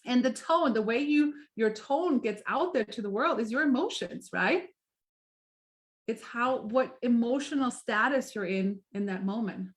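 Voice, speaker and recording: A middle-aged woman who leads a direct sales team hosts a live training chat, upbeat and chatty. Her voice is a little high and unhurried. She keeps asking "right?" and acts out little examples.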